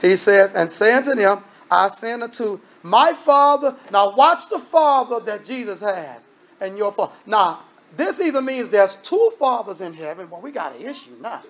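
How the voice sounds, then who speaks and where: A man preaching a sermon in a conversational, emphatic way, breaking into sudden loud bursts. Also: sits high, sing-song, moderate pace.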